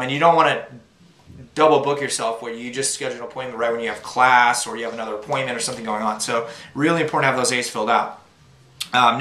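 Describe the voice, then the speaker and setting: A man's voice: mid-range voice, pushed and bright, roomy sound. A young man giving casual, upbeat tips to new sales reps, with lots of fillers. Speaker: sales trainer. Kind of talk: instructional talk to new reps.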